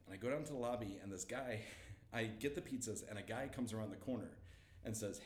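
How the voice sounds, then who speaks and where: A young man telling a story as a guest, lively and laughing, acting out the quotes. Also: fairly low pitch, fast talker, reverberant. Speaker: comedian guest. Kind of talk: animated storytelling.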